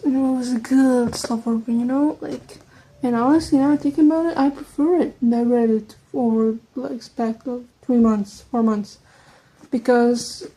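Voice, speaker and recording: Casting: young woman, non-native English speaker with an American lean, slightly high, mellow voice, quick casual vlog chatter with soft asides. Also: rough recording. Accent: American-leaning English, second language. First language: not English. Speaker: book vlogger. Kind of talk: casual chat.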